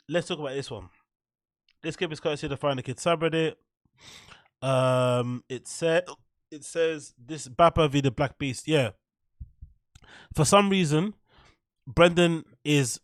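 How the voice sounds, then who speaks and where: A man's voice: fairly high pitch, dry recording, studio quality. A man hosting a casual livestream, rambling, swearing freely and answering his chat. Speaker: livestream host.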